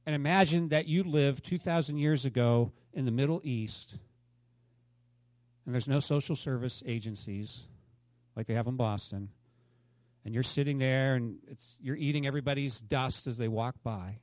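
A man's voice: medium pitch, moderate pace, darkish tone, dry recording. A man preaching a sermon to his congregation in a conversational way, often asking them questions. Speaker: pastor.

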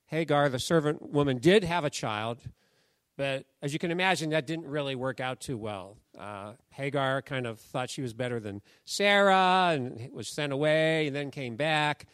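A man's voice: fairly high pitch, dry recording. Pastor man preaching in a dry voice. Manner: conversational, animated storytelling with sudden drops to a soft, hushed voice. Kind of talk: sermon.

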